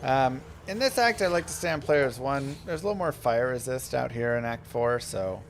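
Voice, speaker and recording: Gravelly-voiced man streaming a game. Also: medium pitch, normal speed, a little hiss or hum. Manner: relaxed, guiding viewers step by step. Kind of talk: casual gameplay commentary. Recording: game music playing behind. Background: game music.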